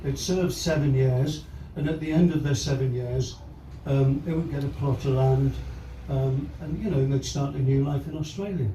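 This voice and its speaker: A man's voice: medium pitch, moderate pace, hardly any pauses, warm tone, a little hiss or hum. An older folk singer chatting and telling jokes to his audience between songs at a live club gig. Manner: chatty, joking storyteller who chuckles often. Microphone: stage microphone with guitar. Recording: roomy live venue recording from a distance, with guitar.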